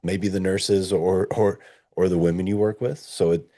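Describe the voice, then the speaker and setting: A man's voice: low voice, steady tone, normal speed, warm tone. A man hosting a conversation, reflecting thoughtfully and searching for his words.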